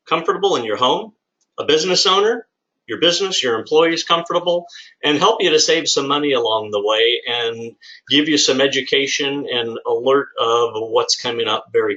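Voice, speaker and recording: A man's voice: medium pitch, bright, forceful tone, lo-fi sound. A man who owns a service business, hosting a live webinar in an upbeat, chatty, salesy way. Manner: upbeat, chatty, salesy, many "all right"s. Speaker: business owner and webinar host. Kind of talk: live lunchtime webinar presentation.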